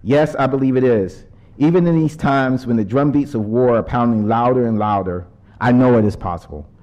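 A man giving a prepared speech as a panel speaker. His measured, earnest delivery turns loose and conversational when he strays from his text. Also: medium pitch, darkish tone, dull audio. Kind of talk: prepared speech with ad-libbed asides.

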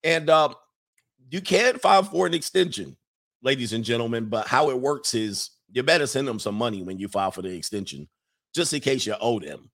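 A man hosting a streaming podcast, talking casually through viewer questions, animated, laughing often and repeating points for emphasis. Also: mid-range voice, a little fast, gravelly.

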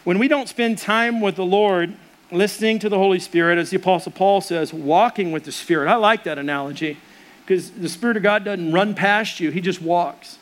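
A man's voice: sits high, normal speed, a bit bright. A middle-aged man preaching a sermon as a pastor, earnest and conversational.

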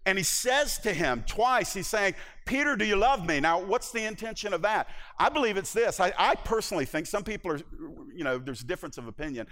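A man's voice: sits high, expressive, brisk, few pauses, pushed and bright, long reverb tail. A male pastor preaching a sermon, retelling a Bible story dramatically and acting out its voices.

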